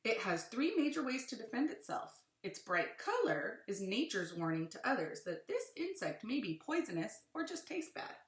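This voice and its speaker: A woman's voice: fairly high pitch, sing-song, normal speed, hardly any pauses, reverberant. A woman teacher reading a picture book aloud to young pupils and adding friendly asides.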